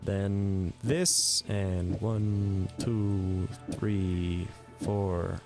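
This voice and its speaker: A man giving live gameplay commentary, thinking aloud in a relaxed way with some mild swearing. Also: deep voice, drawn-out words, faint music behind. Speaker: game streamer.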